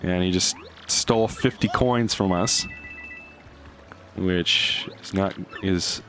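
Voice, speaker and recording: A man's voice: sits low, slow pace, a bit bright. A young man casually commentating his gameplay, rambling and explaining game details. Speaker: let's play host. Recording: faint game music behind.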